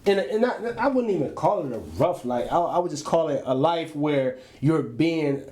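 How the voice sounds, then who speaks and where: Young male co-host, slightly high voice, loose slangy chat, repeats himself. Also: moderate pace. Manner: slangy, relaxed storyteller who repeats phrases. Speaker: podcast co-host. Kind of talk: casual chat.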